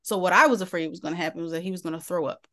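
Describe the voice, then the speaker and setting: Animated woman telling a story. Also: lowish voice, rapid-fire. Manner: animated storyteller, laughs mid-sentence. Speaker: podcast co-host. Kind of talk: casual storytelling chat.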